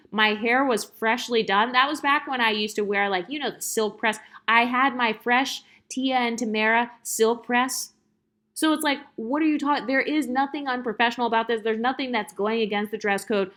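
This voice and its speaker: A woman's voice: fairly high pitch, fairly bright tone. A woman telling a casual storytime, exasperated and sarcastic, firing off rhetorical questions with salty, profane language. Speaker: storytime vlogger.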